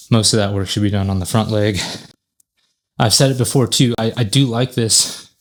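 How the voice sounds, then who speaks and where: A man talking casually to camera in a gym, chatty and rambling, often correcting himself mid-sentence as he explains his workout. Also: on the low side. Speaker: fitness YouTuber. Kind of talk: casual workout vlog talk.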